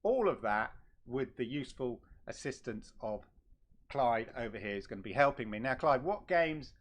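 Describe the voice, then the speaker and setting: A man hosting a casual live stream, talking in a teasing, halting way with frequent fillers and repeats. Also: mid-range voice, lively intonation. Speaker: host.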